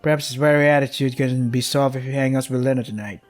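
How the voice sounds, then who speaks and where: A man's voice: medium pitch, steady tone, fast, faint music behind. Exasperated young man reading game text. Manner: swears a lot, exasperated, skims text with "yada yada". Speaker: game streamer. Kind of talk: reading game text aloud with frustrated commentary.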